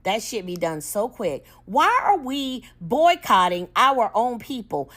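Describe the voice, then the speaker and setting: A woman's voice: a little high, big pitch swings, a little slow, bright, forceful tone. A woman giving an incredulous rant, counting her points off one by one. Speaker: commentator. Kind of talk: opinion rant.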